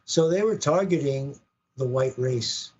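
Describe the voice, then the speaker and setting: A man's voice: mid-range voice, unhurried, darkish tone, muffled recording. A man talking as a podcast guest, emphatic and listing things one by one. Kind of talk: casual talk show conversation.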